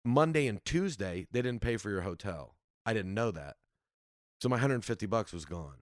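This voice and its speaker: A comedian guest telling road stories in a casual, animated way, acting out other people's voices. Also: male voice, fairly low pitch, moderate pace, dry recording, clean studio sound. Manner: animated, acts out voices in his anecdotes. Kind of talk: casual storytelling.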